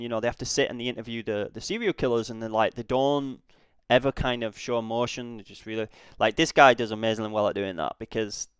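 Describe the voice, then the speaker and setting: A man's voice: mid-range voice, clear, resonant tone, dry recording, clean studio sound. A man hosting a reaction video, commenting casually with frequent swearing and restarts. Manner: animated, swearing, many restarts.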